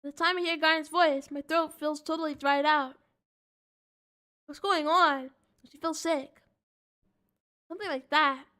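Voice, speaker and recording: A woman's voice: sits high, steady tone, unhurried, pauses often, sharp tone. A woman reading first-person narration as a dazed, overwhelmed teenage girl. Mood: numb.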